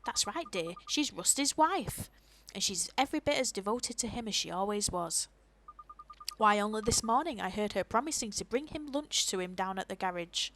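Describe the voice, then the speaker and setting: A woman's voice: mid-range voice, animated, normal speed, fairly bright tone, a little hiss or hum, low-quality recording. A woman voicing a kindly, gossiping old woman neighbor in a video game, fussing and sympathetic. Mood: gossipy.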